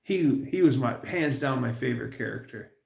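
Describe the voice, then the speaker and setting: A man with a gravelly, fry-laden voice rambles through casual stories on a livestream. He talks loosely with restarts and drifting tangents, recorded in a roomy space with noticeable echo. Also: medium pitch, lively intonation. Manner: rambling, storytelling, puts on quick voices for quotes. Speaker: livestream host.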